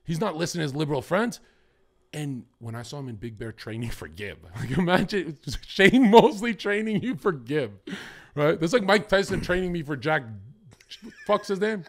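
A man chatting as a podcast guest, excitable and boastful, swearing freely and jumping between topics. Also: a little high, moderate pace, vocal fry. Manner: profane and boastful. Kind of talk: casual podcast chat.

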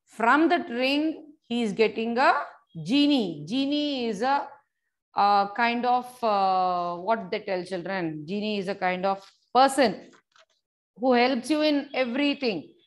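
A woman's voice: a little high, a little slow. A woman teacher, reading a story aloud to young children and explaining each word simply. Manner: repeats and explains words simply, addresses children directly.

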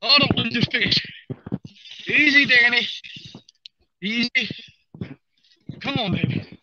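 A man, streaming live from a river bank and talking excitedly to his viewers while he fishes. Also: very high voice, slow, dull audio, noisy background. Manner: excited, drawling, talks to viewers while reeling. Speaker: fishing livestreamer.

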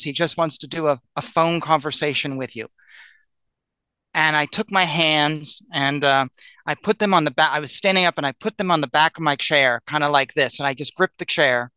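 A man telling a personal story as a guest in a roundtable discussion, animated and peppered with "like", acting out what people said. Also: fairly high pitch, clean tone, dry recording. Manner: animated, acts out quoted voices, lots of "like".

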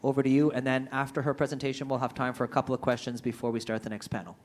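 A man's voice: medium pitch, little pitch movement, very fast, slight background noise. A man moderating a trade forum, introducing speakers in a loose, joking way with many fillers. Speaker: event moderator.

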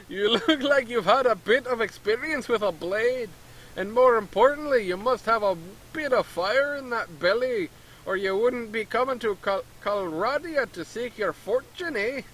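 A man's voice: extremely high pitch, fairly bright tone, heavily acted, rough recording. A man voicing a scheming middle-aged merchant in a mock Canadian accent, reading game dialogue aloud with a hammy, conspiratorial manner. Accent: mock Canadian, tagging "eh" onto lines.

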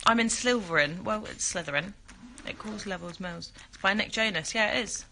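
A woman's voice: medium pitch, normal speed, sharp tone, a little hiss or hum. A woman hosting a casual phone livestream from a bedroom, chatting and answering fan comments. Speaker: livestream host. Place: indoors in a bedroom.

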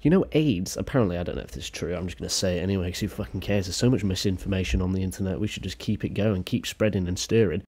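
A man's voice: low-pitched, racing, few pauses, a little mellow, breathy edge. A man giving crude, rambling reaction commentary on a video.

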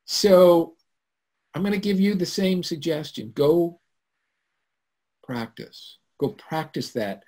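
A man hosting a live webinar, telling a story in an animated way that swings from loud to hushed. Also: on the high side, slow, long pauses. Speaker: webinar host. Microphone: computer mic on a video call.

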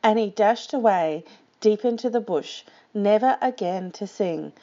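A woman reading a children's picture book aloud with slow, expressive storytime delivery. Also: mid-range voice, dull audio.

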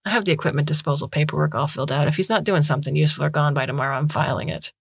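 A woman's voice: deep voice, steady tone, racing, creaky, slightly rough, dry recording, clean studio sound, exaggerated voice. A woman voicing a male departmental admin who talks in a curt, dismissive way.

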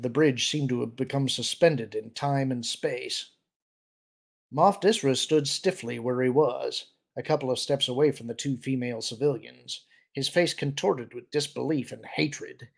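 A man's voice: mid-range voice, vocal fry, breathy edge. A man narrating a novel as an audiobook reader, reading steadily.

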